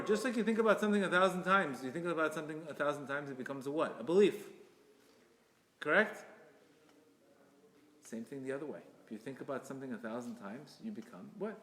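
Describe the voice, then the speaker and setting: A man giving an inspirational religious talk, emphatic and repetitive, with sudden loud bursts. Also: a little high, animated, fast. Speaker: Torah teacher. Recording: echoey hall reverb.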